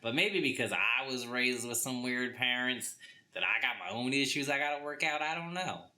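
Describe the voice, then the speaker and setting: A young man with a Southern US accent ranting through a comic book review, exasperated and acting out characters in quick voices. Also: medium pitch, sharp tone.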